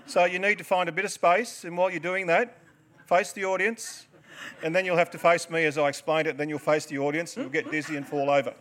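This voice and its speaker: A man's voice: a little high, steady tone, fairly quick, fairly bright tone. An Australian man in his forties, a dancer telling a story and guiding a crowd through a dance, joking as he goes. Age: 40s. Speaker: dancer and performer. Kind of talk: live stage talk to an audience. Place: stage before a live audience.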